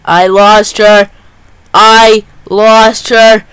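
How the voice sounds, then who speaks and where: A man giving excitable live gameplay commentary, full of gasps and repeated exclamations. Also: sits high, very slow, clear, resonant tone, no echo. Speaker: gaming channel host.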